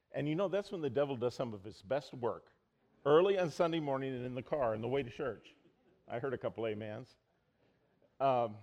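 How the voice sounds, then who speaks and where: A middle-aged man preaching a sermon, telling stories and acting out quoted lines loudly. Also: medium pitch, highs cut off. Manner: storytelling, animated, acts out quotes loudly. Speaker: pastor.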